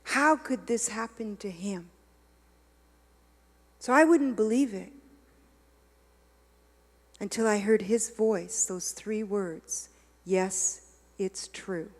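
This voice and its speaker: A woman's voice: mid-range voice, slow pace, long pauses. Woman preaching in a reverberant hall. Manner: confessional, swinging from hushed to loud and preachy. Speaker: guest speaker. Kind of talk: sermon. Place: church hall.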